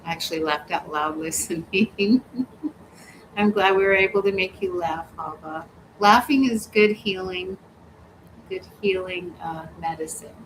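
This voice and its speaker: A woman's voice: fairly low pitch, a little slow. Chatty woman hosting a livestream, faintly noisy. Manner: laughs often, cusses freely, chatty. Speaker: livestream host. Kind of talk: casual live chat reading comments. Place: home, hot weather.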